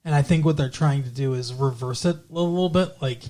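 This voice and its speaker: A podcast co-host in casual chat about a TV show, joking, swearing and retelling scenes in quick quoted lines. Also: mid-range voice, warm tone.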